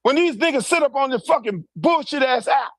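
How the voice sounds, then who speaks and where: A man's voice: extremely high pitch, lively intonation, brisk, fairly bright tone, dry recording. A man in a played clip delivering a heated, profane political rant full of rhetorical questions.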